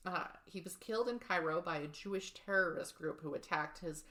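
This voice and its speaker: A woman's voice: on the low side, brisk, sharp tone. A woman co-hosting a true-crime podcast who chats casually, laughs often and swears. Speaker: podcast co-host.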